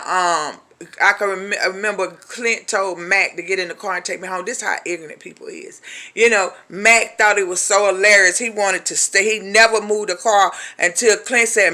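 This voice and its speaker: Her voice is medium-pitched, pushed, and bright. She's a woman from a ministry recounting her personal testimony in a colloquial, emphatic style, calling listeners "honey" and performing the voices of those in her story.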